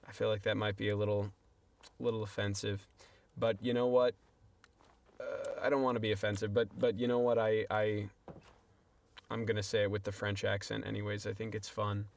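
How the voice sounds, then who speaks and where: A man's voice: lowish voice, flat delivery, moderate pace, gravelly. A young man streaming a game, chatting casually and rambling to his viewers in a self-deprecating way. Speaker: livestreamer. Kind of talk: casual gameplay stream chat.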